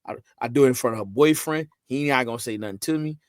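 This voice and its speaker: Animated man telling stories emphatically. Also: mid-range voice, fast talker, dry recording. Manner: animated, emphatic storytelling with lots of repetition; loose colloquial phrasing, frequent "you know what I'm saying". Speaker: podcast guest, father. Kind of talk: casual conversational interview.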